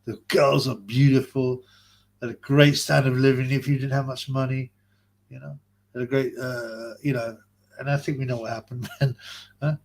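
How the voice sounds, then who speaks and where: A young man hosts a casual live stream at a middle pitch. He rambles through viewer messages, chatty and loose, breaking into laughs and trailing off with fillers. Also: little pitch movement, normal speed. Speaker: livestream host reading chat.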